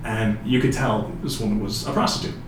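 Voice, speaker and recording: A man's voice: fairly low pitch, steady tone, fairly quick. A man around thirty telling a long dating story in loose, profane, casual chat. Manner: loose and profane, full of fillers, acts out quoted people. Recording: echoey room, mic far off, background noise.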